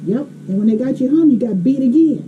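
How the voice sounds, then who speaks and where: A woman with a high, expressive voice tells a casual story at a brisk clip, blunt and emphatic, laughing often. The recording is slightly dull with a faint hiss.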